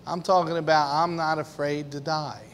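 A man's voice: fairly high pitch, little pitch movement, normal speed, slight background noise. A man preaching an informal sermon to a small group, conversational and laughing, acting out quoted voices. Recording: long hall reverb.

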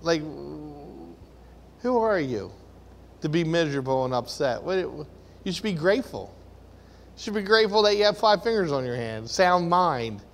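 A man's voice: fairly high pitch, very animated, a little slow, long reverb tail, a little hiss or hum. A man preaching a sermon to a room of listeners, earnest and full of rhetorical questions.

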